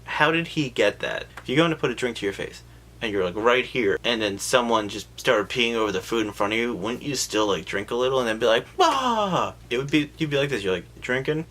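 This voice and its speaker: A man giving a sarcastic, profane comedic recap of a film, jumping into quick voices for the characters. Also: mid-range voice, a bit bright.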